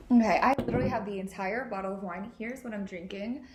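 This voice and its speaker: A woman's voice: mid-range voice, quick pace, a little mellow, a little hiss or hum. A young woman in her twenties hosting a casual podcast from home, chatty and bubbly, swearing and laughing freely. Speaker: podcast host. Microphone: podcast mic. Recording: echoey room.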